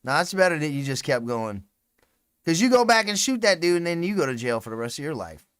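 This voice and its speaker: A man's voice: fairly high pitch, very animated, brisk, fairly bright tone, smooth, no room sound, studio quality. Rambling, foul-mouthed man on a live stream. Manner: profane, rambling, laughs often. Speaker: livestream host. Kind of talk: casual live-stream chat.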